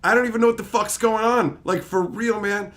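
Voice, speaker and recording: A man with a slightly higher voice tells a rambling story, casual and full of swearing. He sounds tired from lack of sleep but stays animated, breaking into laughing asides. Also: brisk. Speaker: channel host.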